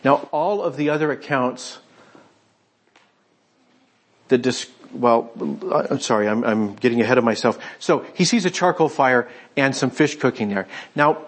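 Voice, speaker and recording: A man preaching a conversational sermon, retelling a scripture story and voicing its speakers in quick asides. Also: mid-range voice, lively intonation. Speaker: pastor.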